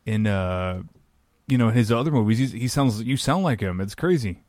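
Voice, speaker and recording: A man hosting a podcast in casual chat, enthusiastic and quick to laugh, often repeating words as he starts sentences. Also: fairly low pitch, animated, darkish tone, no room sound, studio quality. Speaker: podcast host.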